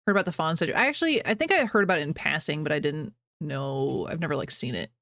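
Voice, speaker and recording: A woman's voice: low-pitched, animated, quick pace, fairly bright tone, no room sound, studio quality. A woman streamer chatting casually to her viewers from her home office, bubbly, rambling and self-deprecating. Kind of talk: casual live-stream chat.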